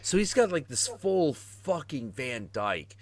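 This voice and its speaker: A man hosting a live stream, telling a story in a profane, jokey, animated way over a video call microphone. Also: mid-range voice, takes it slowly. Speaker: host.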